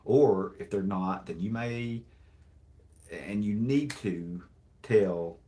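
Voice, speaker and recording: A man hosting a live stream, reading jokes aloud in a dry, deadpan way and rambling with many restarts and apologies. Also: deep voice. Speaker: livestream host. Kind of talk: casual livestream chat, reading jokes aloud.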